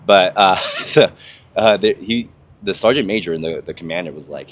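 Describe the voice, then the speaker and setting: A man's voice: sits low, normal speed, fairly bright tone. A young man, a former soldier, talking casually and profanely on a podcast, rambling through stories with lots of fillers. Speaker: podcast host, army veteran. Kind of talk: casual conversation.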